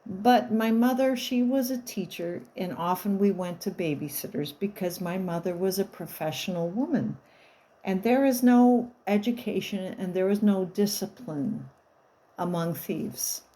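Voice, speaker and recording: Woman, 50s, rambling wry storyteller, blunt and salty, mid pitch, animated jumps in pitch. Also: poor audio. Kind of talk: casual storytelling monologue.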